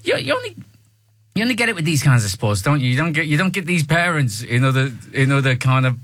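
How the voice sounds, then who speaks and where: A high-voiced man banters on a radio show, teasing and quick to laugh. His tone is bright and forward, recorded dry and close. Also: wildly swooping pitch, no room sound. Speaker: radio co-host. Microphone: studio microphone.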